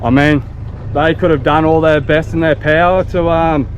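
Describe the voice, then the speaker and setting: A man's voice: fairly high pitch, steady tone, normal speed, lo-fi sound. A man with an Australian accent chatting casually to camera from a small boat, laid-back and slangy, recorded on an action camera. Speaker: fishing vlogger. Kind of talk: casual vlog talk to camera. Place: small open boat on the water. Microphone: action camera mounted on the boat. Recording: boat motor and wind noise.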